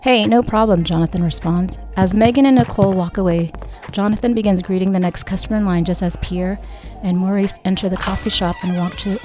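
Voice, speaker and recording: A woman reads her own novel aloud in a mellow, warm voice. She voices each character close to her natural voice, lifting slightly for the dialogue, with soft music playing underneath. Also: on the low side. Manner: reads every character in a near-natural voice with small lifts for dialogue. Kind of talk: audiobook read-aloud narration.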